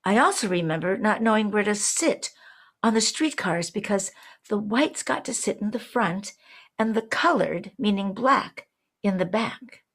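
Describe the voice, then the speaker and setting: An older woman from New Orleans tells a personal story over a video call. Her voice sits at an ordinary middle pitch, and she speaks in a reflective, wry way. She slows down to let key words land. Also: lively intonation, fairly bright tone, breathy edge. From New Orleans, Louisiana.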